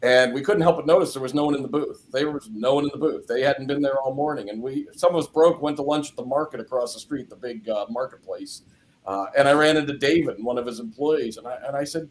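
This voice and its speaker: A man's voice: mid-range voice, fast talker, slight background noise. A man on a video call panel, casually telling a funny memory with hesitations and restarts. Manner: hesitant, laughing, lots of restarts.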